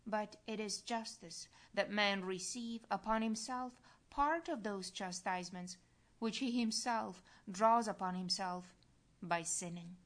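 A grieving, tender Christ , as a woman reads him out in a devotional reading. The delivery is slow and plaintive, with a solemn weight on each phrase. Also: medium pitch, a bit bright, lightly acted. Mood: grave. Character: grieving adult male Christ, tender and sorrowful.

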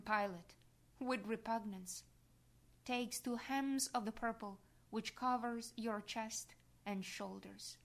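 A woman reads a devotional meditation in a hushed, intimate voice that often sinks to a whisper. She speaks slowly, letting each phrase settle. Her voice sits fairly high. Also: steady tone. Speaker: reader.

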